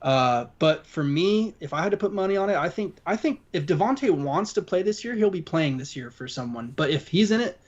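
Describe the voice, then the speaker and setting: Chill guy on a sports podcast, kinda high voice, says you know a lot, audio a little dull. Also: animated, brisk, few pauses. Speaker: podcast co-host. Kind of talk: casual sports chat.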